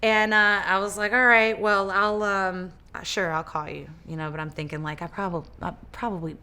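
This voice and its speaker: A woman guest in a casual interview, telling her story in a lively way, acting out quoted dialogue and often restarting her words. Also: mid-range voice, normal speed, few pauses, clean tone. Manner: animated, acts out quoted dialogue. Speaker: interview guest, business owner.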